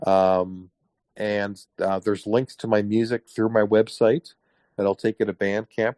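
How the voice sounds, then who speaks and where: Canadian guy telling his story on a podcast, lowish voice, dry mic, does little voices for the people in it. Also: no room sound. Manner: animated storyteller, acts out quoted voices. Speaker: guest. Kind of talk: casual interview storytelling.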